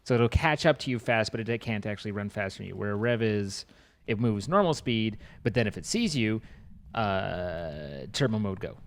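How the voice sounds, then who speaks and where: A man's voice: lowish voice, expressive, normal speed. Laid-back man explaining game rules. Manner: explains game mechanics loosely, dry jokes. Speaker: co-op game partner. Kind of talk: casual gaming chat.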